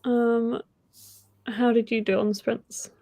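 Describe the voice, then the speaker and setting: A woman hosting a casual reading stream, talking in a chatty, excitable way with frequent giggles. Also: fairly high pitch, slow pace, dry recording. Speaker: host of a reading sprint stream. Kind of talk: casual livestream chat.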